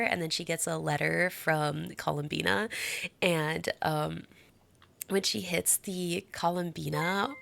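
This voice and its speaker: A woman's voice: lowish voice, vocal fry, a bit bright. A young adult woman streaming live, chatting with her viewers in a bubbly, giggly, gushing way.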